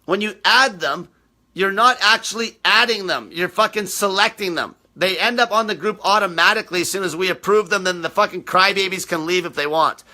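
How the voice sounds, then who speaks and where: A man's voice: high-pitched, fairly quick, bright, forceful tone. A man hosting a live stream, answering viewer questions in a blunt, combative rant and swearing nearly every sentence.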